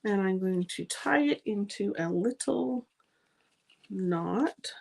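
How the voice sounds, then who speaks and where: A woman's voice: medium pitch, lively intonation, slow, vocal fry, background noise. A woman hosting a live card-making demonstration, chatty and gushing, with frequent ums as she works. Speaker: card-making channel host.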